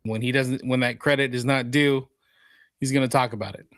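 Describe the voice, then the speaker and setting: A man's voice: medium pitch, fairly even intonation, fairly quick, fairly bright tone, no room sound. A man co-hosting a geek culture podcast, chatting casually and reading news items aloud. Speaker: podcast co-host. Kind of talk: casual chat.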